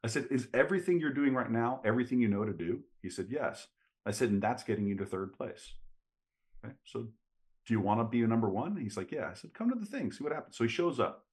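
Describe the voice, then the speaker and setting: A man's voice: mid-range voice, a little fast. A man, a sales trainer telling stories as a guest in an interview. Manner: lively storyteller, quotes people in dialogue. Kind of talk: animated storytelling in an interview.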